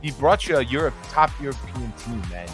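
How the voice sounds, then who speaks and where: A man's voice: mid-range voice, expressive, a little fast, a bit bright, faint music behind. A man co-hosting a sports podcast, talking in an easygoing, reassuring way. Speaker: podcast co-host. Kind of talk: casual sports chat.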